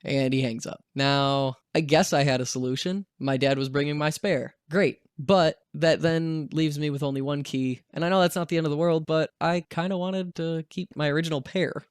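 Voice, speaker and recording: A man's voice: a little high, moderate pace, hardly any pauses, smooth, dry recording, clean studio sound. Young man telling a casual storytime. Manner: animated, swears freely, acts out voices in his story. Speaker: vlogger.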